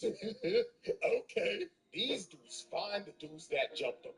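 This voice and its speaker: Crude, animated young man telling a story. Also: fairly high pitch, measured pace. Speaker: gaming video narrator. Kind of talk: comedic story recap.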